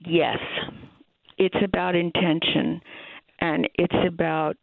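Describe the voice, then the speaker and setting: A woman's voice: on the low side, level tone, slow pace, creaky, no echo. A middle-aged woman, a musician, answering interview questions in an earnest, thoughtful way. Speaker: musician guest. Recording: phone-like, dry line.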